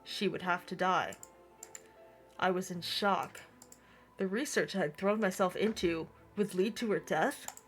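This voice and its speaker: A woman's voice: fairly low pitch, a little slow, pauses often, soft background music. A woman streaming a game, casually chatting and reading its text aloud, laughing easily and swearing when annoyed.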